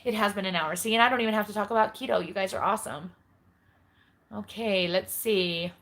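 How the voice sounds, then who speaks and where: A woman's voice: mid-range voice, brisk, a bit bright. A woman in her forties hosting a live question-and-answer stream with her kids. She talks casually and tells long family stories. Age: 40s. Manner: chatty storyteller, reads viewer comments aloud. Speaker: host, homeschooling mother. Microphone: live stream camera mic.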